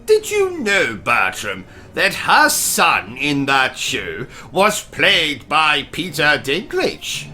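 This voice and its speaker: British male game host, pompous and slow-spoken with a very bright tone, faint music behind. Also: fairly high pitch, huge pitch swings. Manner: pompous, theatrical, exclamatory. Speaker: gaming channel host. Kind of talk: comedic let's-play commentary with skits.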